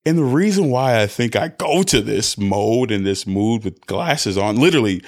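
A young man hosting a solo podcast rant, animated and self-interrupting, swinging between loud bursts and hushed asides. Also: lowish voice, normal speed. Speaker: podcast host. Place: indoors, lying down recording at home.

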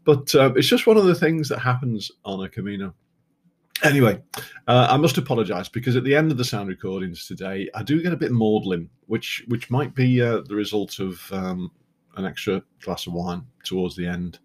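A man's voice: lowish voice, animated, moderate pace, slightly rough. A British man casually narrating his walking pilgrimage, chatty and self-deprecating, often restarting his sentences. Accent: British English. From Britain. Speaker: podcast host walking the Camino.

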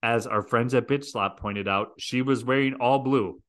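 A man's voice: medium pitch, moderate pace. A man co-hosting a podcast, chatting casually and joking with emphatic repetition. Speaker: podcast co-host. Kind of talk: casual chat.

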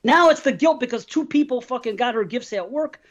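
A man's voice: very high voice, expressive, a little fast, fairly bright tone, muffled recording. A man co-hosting a podcast, rambling in casual, heavily profane chat. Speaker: podcast co-host.

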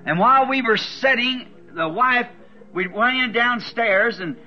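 A man preaching a sermon, telling a story with fervent, halting delivery and repeated words. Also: extremely high pitch, sharp tone, muffled recording, faint music behind. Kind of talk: sermon testimony.

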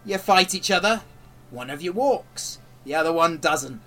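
A man's voice: fairly high pitch, expressive, normal speed, pushed and bright, recorded from a distance. A man doing a menacing gunman. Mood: threatening. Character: menacing male gunman running the fight.

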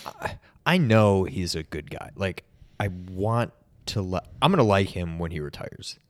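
A man's voice: low-pitched, animated, measured pace, dry recording. A man co-hosting a podcast, giving rambling opinions in casual chat. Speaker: podcast co-host.

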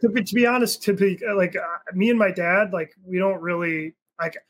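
A man's voice: high voice, a little fast, a bit bright, rough recording. A young man chatting as a podcast guest, his voice sitting a touch above the usual male range. He talks loosely and rambles, with plenty of fillers and the odd swear word. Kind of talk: casual chat.

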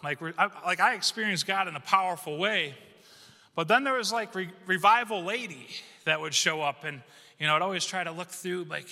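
A male pastor giving a conversational, humorous storytelling sermon in a church, animated and acting out quotes. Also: sits high, brisk. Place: church sanctuary. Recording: reverberant church hall.

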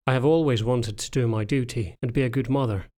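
Man reading as a timid young pregnant furry woman, soft, trembling, hesitant, storybook. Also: mid-range voice, brisk, lightly acted. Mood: fearful, subdued. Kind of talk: audiobook dialogue reading.

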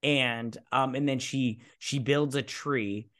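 Excitable male co-host, drinking as he reviews a film, mid-pitched, acts out scenes and curses. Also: slow. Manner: excitable, retells the plot and acts out the lines; swears casually. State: drinking while talking. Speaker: podcast co-host. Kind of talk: casual movie review chat.

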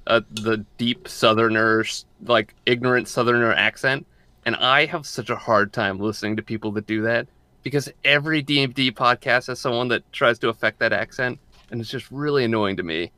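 Bright-voiced rambling podcast guy. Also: medium pitch, normal speed, smooth, no echo. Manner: rambling, self-correcting, repeats words. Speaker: podcast co-host. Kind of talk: casual podcast chat.

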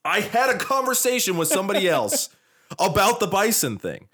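A man's voice: high voice, sing-song, moderate pace, pushed and bright, husky. A man co-hosting a podcast, telling stories in a rambling, casual way and swearing freely. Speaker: podcast co-host.

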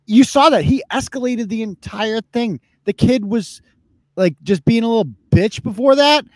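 A man's voice: very high-pitched, lively intonation, moderate pace, dry recording. A man hosting a live podcast, commenting bluntly and mockingly on viral videos with plenty of swearing. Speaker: podcast host.

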